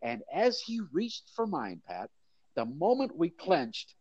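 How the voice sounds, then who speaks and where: An older man who tells his story with a lively, swooping voice, jumping up for the crowd's cries and dropping low for asides. The sound is dry and a little dull, like lo-fi interview audio. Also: slow, dry recording. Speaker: guest, mascot performer.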